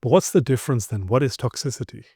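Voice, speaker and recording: A man's voice: medium pitch, animated, quick pace, dark tone, husky, no room sound. Man, relationship coach, mid-range voice, dry close sound, blunt lecturing delivery. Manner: direct, emphatic, lecturing listeners with acted examples. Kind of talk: instructional monologue.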